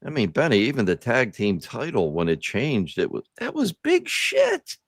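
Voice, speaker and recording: A man's voice: mid-range voice, wildly swooping pitch, moderate pace, dry recording, studio quality. A man hosting a podcast, chatting in a rambling, profane, nostalgic way. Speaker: podcast host. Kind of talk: casual chat.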